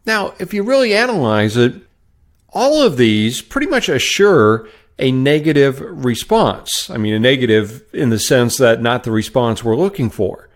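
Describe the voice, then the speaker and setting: Animated man hosting a sales podcast. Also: mid-range voice, normal speed. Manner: animated, upbeat, coaching tone. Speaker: sales trainer and podcast host. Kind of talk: solo podcast teaching.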